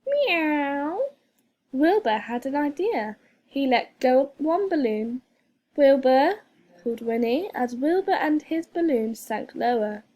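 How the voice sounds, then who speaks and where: A woman reading a children's storybook aloud as a teacher, expressive and playful with sound effects. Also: high voice, a little slow.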